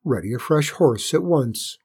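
Eccentric inventor king, read by a man: distracted, abrupt bursts, husky tone. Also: mid-range voice, animated, a little slow, darkish tone. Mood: excitable.

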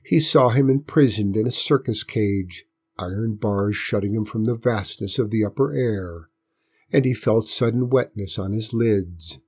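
A man reading a story aloud as narrator, in a steady, measured way. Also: lowish voice, slightly rough.

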